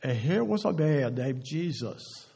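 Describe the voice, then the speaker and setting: A man preaching a sermon, slow and emphatic, often dropping to a hush on key words and asking the listeners questions. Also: fairly high pitch, expressive, creaky, breathy edge. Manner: asks the audience rhetorical questions.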